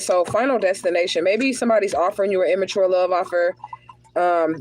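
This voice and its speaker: A woman's voice: on the low side, darkish tone, a little hiss or hum, rough recording. A woman giving a livestreamed tarot reading, talking casually and directly to her viewers, sometimes shifting into prayer-like invocations. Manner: casual, chatty, talks straight to viewers as y'all. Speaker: spiritual card reader.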